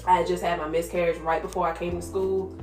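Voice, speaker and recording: Young woman, low-ish voice, candid slangy storyteller; echoey room, faint music bed. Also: level tone, quick pace. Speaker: guest sharing her testimony. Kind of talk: casual faith conversation. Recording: roomy echo with soft music behind.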